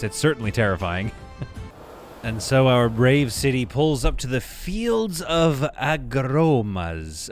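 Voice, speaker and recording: A young man casually commentating a city-building game, chatty and thinking aloud as he goes, often correcting himself mid-sentence. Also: on the low side. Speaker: gameplay video host. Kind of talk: casual let's-play commentary.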